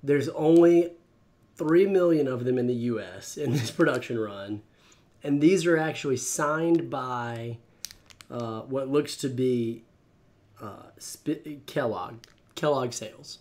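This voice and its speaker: A man's voice: mid-range voice, takes it slowly, a little mellow. A man co-hosting a casual livestream from his room at home, joking and sarcastic, greeting viewers by name. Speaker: co-host of a comics livestream. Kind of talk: casual live-stream chat.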